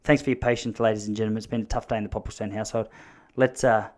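A man's voice: fairly low pitch, little pitch movement, very fast. Rambling man hosting a podcast. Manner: rambling, self-mocking, jokey asides. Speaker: podcast host. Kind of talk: solo podcast monologue.

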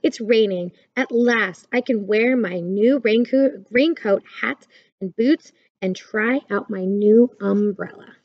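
A woman voicing a cheerful, brave little boy hedgehog in a storybook reading, excited and bouncy. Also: medium pitch, takes it slowly, no room sound, muffled recording. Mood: joyful.

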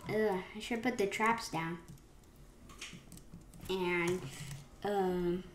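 Woman gamer, excitable live commentary, gasps and restarts, roomy echo, faint keyboard clicks. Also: mid-range voice, drawn-out words, pauses often, slight background noise. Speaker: gaming channel host.

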